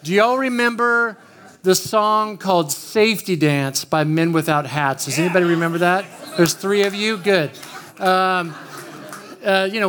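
A man preaches in a light, high voice. He opens with a casual, joking personal story and keeps talking straight to the people in front of him. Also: steady tone, measured pace, fairly bright tone. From Oklahoma, USA. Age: 50s. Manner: chatty, joking, talks straight to the room. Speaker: pastor. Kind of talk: storytelling sermon.

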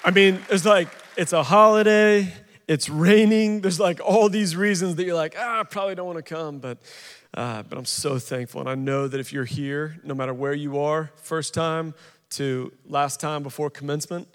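A man in his thirties shares his testimony in a loose, chatty way, full of fillers and asides. His slightly high voice carries the long reverb of a big church hall. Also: normal speed, a bit bright. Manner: casual, chatty storyteller with many fillers. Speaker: speaker sharing his testimony at a recovery ministry. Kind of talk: humorous testimony talk.

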